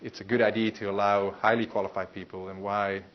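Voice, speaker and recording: Rambling lower-voiced male lecturer. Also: little pitch movement, fairly quick. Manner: loose and conversational, full of fillers and restarts. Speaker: university lecturer. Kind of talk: classroom lecture. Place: classroom. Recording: muffled lecture recording with faint hiss.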